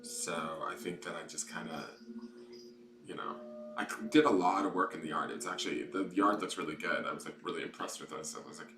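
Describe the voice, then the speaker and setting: A man's voice: low voice, fairly quick, bright, forceful tone. A man who reads tarot, chatting casually and rambling to his livestream viewers from a desk at home, swearing freely. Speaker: tarot reader hosting live readings. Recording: echoey room with clear background noise.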